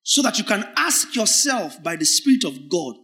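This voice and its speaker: A man with a high voice preaches to his congregation. He stretches out words for emphasis and swings from forceful lines to hushed ones. Now and then he acts out church members in quick asides. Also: very animated. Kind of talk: sermon.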